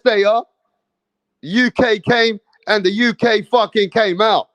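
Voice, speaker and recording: A man's voice: high voice, fairly bright tone, dry recording, lo-fi sound. A man from England hosting a live boxing stream, hyped and profane, repeating his points. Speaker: boxing channel host.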